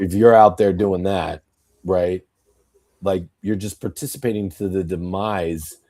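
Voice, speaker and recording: Man, low husky voice, blunt profane podcast ranter who acts out quotes. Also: dark tone. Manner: blunt, profane, rambling political rant; tells stories with acted quotes. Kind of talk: casual podcast talk.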